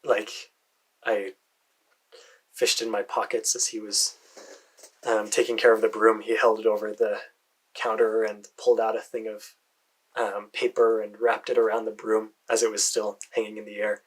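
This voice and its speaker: An American man narrates his own fantasy adventure in the first person, his voice husky and breathy. He talks in a hesitant way, with fillers and soft muttered asides. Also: fairly low pitch, little pitch movement, normal speed, long pauses, rough recording. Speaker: storyteller.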